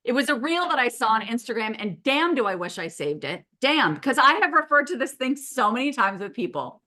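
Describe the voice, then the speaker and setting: A middle-aged woman hosts a relaxed podcast conversation. Her voice is bright and forward. She tells stories with animation and swears casually. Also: fairly high pitch, a little fast. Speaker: podcast host.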